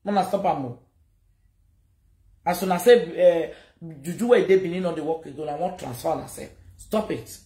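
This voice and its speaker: A woman's voice: fairly low pitch, moderate pace, warm tone, echoey room. A Nigerian woman giving an emotional live video message, scolding and repeating her warnings. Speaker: social media personality.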